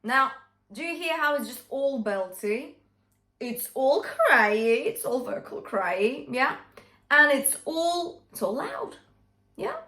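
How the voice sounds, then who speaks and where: A woman's voice: high-pitched, sing-song, slow, bright, forceful tone. A woman vocal coach teaching a singing lesson, talking through technique and singing short demonstrations, checking in with "yeah?" and "okay?" as she goes. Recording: echoey room.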